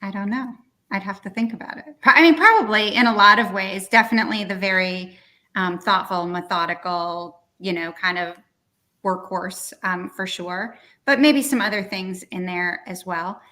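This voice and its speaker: A woman from a small town who hosts a podcast, asking questions in a thoughtful, measured way. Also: medium pitch, bright, forceful tone. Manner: thoughtful, measured, with frequent "um" fillers. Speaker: podcast host and interviewer. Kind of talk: conversational interview.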